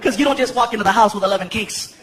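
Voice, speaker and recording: A man performing a stand-up comedy routine on a theater stage, telling stories with animated energy into a handheld mic. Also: high-pitched, rapid-fire. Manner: animated storytelling. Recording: live concert with loud crowd. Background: roaring audience laughter.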